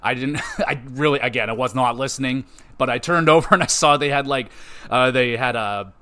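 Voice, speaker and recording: A man's voice: mid-range voice, fairly quick. A man hosting a podcast, gushing and swearing as he recaps a show he loved. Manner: excitable, profane, gushing fan. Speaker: podcast host.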